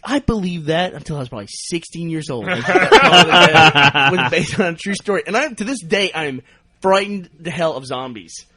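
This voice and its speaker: A man's voice: on the high side, normal speed. A middle-aged man co-hosting a podcast, telling childhood stories in casual chat and often laughing through them. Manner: animated, laughs through his own stories. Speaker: podcast co-host.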